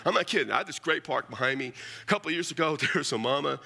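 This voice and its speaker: A middle-aged man preaches in a folksy, joking way, telling stories and calling his listeners "man". His voice is gravelly and carries a bright, forceful edge, and he tells his stories with plenty of humour. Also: a little high, lively intonation, rapid-fire, a little hiss or hum. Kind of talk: storytelling sermon.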